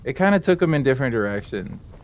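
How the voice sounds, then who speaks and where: A man's voice: mid-range voice, big pitch swings, fast talker, darkish tone. A young man in casual chat while gaming, rambling, joking and swearing freely. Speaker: streamer co-host.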